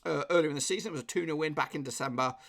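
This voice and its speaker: A chatty man with an English accent hosts a live stream, rattling through viewers' score predictions. His voice sits a little high and is slightly hoarse. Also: rapid-fire, a bit bright. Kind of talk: casual live-stream chat.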